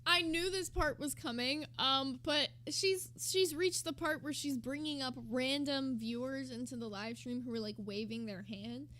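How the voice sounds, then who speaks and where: A woman's voice: high-pitched, unhurried, hardly any pauses, pushed and bright. A woman streamer giving gossipy, sarcastic commentary while reacting to another stream. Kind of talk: casual commentary.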